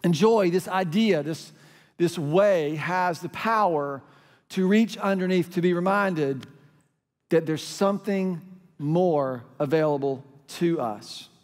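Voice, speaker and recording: A man's voice: sits high, slow, darkish tone. A middle-aged man, preaching a sermon as pastor and telling stories that lead into crowd call-and-response. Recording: hall reverb.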